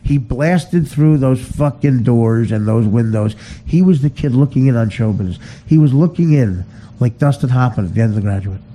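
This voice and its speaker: A man ranting in a profane comic style, laughing at his own jokes and dropping to a hushed near-whisper when confessing. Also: mid-range voice, normal speed, slight background noise, poor audio. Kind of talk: profane comedic rant.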